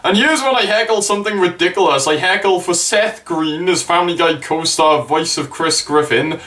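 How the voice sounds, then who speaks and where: Brief: young vlogger, fairly high voice, excitable fan telling a story. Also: male voice, normal speed. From Wales. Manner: excitable, sweary, gushing fan. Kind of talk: casual storytelling to camera.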